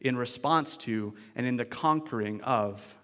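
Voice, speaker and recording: Man, pastor, conversational sermon, mid-pitched voice, long church-hall reverb. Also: measured pace, fairly bright tone. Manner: conversational and reflective, with restarts and asides.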